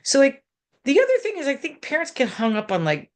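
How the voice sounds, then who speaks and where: A middle-aged woman counseling parents in an animated talk, often slipping into quoted voices and filler words. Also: sits high, fairly quick.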